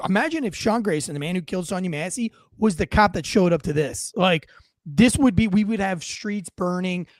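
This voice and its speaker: Gravelly, high-voiced podcast host. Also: male voice, no echo, clean studio sound. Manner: emphatic, punchy, with many fillers. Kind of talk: casual podcast commentary.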